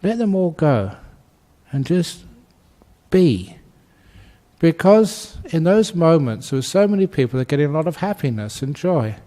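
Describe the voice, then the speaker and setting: A man giving a Buddhist dharma talk, telling stories in a gentle, humorous way and laughing often. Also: on the high side, sing-song, measured pace, long pauses. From Australia. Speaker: Buddhist monk teacher.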